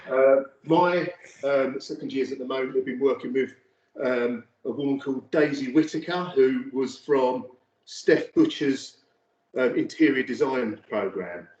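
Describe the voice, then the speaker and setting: Give me a chatty photography lecturer, recorded from across an echoey studio. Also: male voice, mid-range voice, a little slow, darkish tone. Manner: chatty and rambling, many fillers. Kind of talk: casual studio demonstration to students. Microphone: phone camera from across the room. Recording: roomy, distant, dull audio with faint noise.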